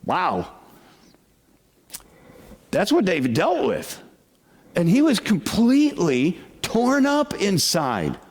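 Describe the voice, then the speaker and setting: Slow-speaking male pastor, reverberant hall. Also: sits high, huge pitch swings, darkish tone. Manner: conversational, asks the congregation questions. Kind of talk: sermon. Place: church sanctuary with congregation. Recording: long reverb of a large hall.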